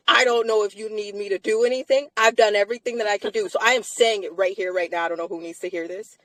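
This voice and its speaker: A woman's voice: medium pitch, steady tone, quick pace, a bit bright, no room sound, rough recording. A tired woman co-hosting a live-stream chat, emphatic and repetitive, swearing freely. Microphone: streaming mic.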